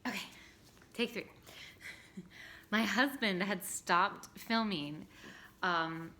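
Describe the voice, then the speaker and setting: A tired young woman chats to the camera in a bright, forward voice. She laughs often and leans on ums and likes as she talks. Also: medium pitch, very slow. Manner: chatty, laughing often, many fillers. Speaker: vlogger. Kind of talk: casual chat to camera.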